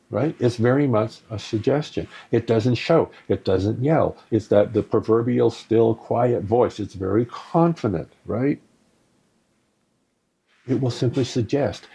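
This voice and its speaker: A man's voice: mid-range voice, creaky, mellow, breathy edge. A man giving a conversational spiritual teaching on a live stream, often checking in with "right?" and answering viewer comments. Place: live stream to an online audience.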